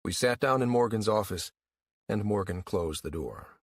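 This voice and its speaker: A man narrating a first-person audiobook in a weary, wry, even-paced storytelling manner. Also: on the low side, moderate pace, dry recording, studio quality.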